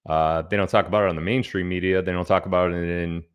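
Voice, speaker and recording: A man's voice: sits low, steady tone, fast, clear, resonant tone, dull audio. A man hosting a casual livestream, chatting loosely and reading out where viewers are from. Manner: chatty, reads out viewer locations. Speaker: livestream host.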